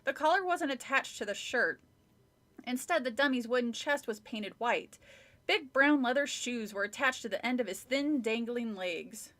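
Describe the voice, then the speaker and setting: Bright-voiced woman reading a storybook aloud. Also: a little high, lively intonation, moderate pace. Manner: wry, laughing asides. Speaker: streamer reading a book aloud. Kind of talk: storybook reading with chat asides.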